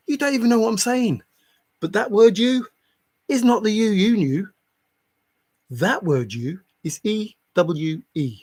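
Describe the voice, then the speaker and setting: A man with a husky, slightly breathy voice pitched a bit above the usual for men. He lectures his audience in a monologue, taunting them and circling back to the same questions again and again. The delivery is intense and insistent. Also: a little mellow. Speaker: treasure hunt theorist.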